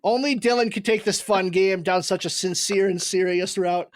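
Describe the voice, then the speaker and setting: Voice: mid-range voice, moderate pace, no echo. A podcast co-host joking and encouraging the others in easygoing chat, with a mid-range voice. The sound is dry and close. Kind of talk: casual movie podcast chat.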